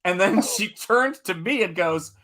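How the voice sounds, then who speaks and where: A man from Tennessee chats through a story on his live art stream. His voice sits a little high and comes across bright and forceful. He laughs often and swears freely as he talks. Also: animated, unhurried. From Tennessee, USA. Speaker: artist hosting a live stream. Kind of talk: casual storytelling chat.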